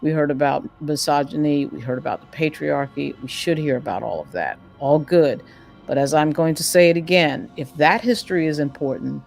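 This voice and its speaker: A woman's voice: low-pitched, vocal fry. A woman hosting a legal news commentary show, making emphatic arguments and building her points through long lists.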